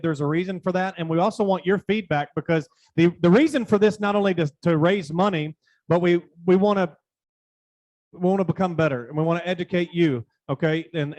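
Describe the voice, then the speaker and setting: Male event host, high-pitched, informal rambling announcements. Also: a little mellow.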